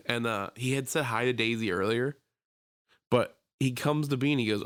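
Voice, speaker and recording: A young man co-hosting a podcast, telling a long story in casual chat, swearing freely and breaking into high voices when he quotes people. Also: moderate pace, a bit bright, dry recording. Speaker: podcast co-host. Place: small room, in person with co-host.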